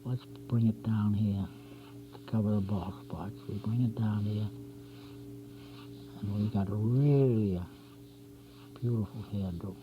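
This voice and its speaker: A man's voice: lowish voice, a little slow, pauses often. A man hosting a drawing show, chatting through each pencil stroke as he teaches cartooning step by step. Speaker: drawing instructor and show host. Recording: dull 1990s community TV tape with faint hum.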